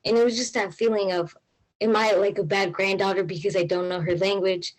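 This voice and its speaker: A woman's voice: mid-range voice, steady tone, a little fast, low-quality recording. A young woman telling a personal story on stage, in a casual way with many fillers and an anxious tone. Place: stage at a live event.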